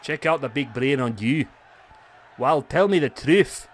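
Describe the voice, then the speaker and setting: A man's voice: medium pitch, lively intonation, normal speed, a crowd in the background, background noise, lightly acted. A man voicing an arrogant male wrestler villain who mocks his rival in pompous, condescending words. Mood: smug. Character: arrogant male wrestler villain, smug self-proclaimed genius.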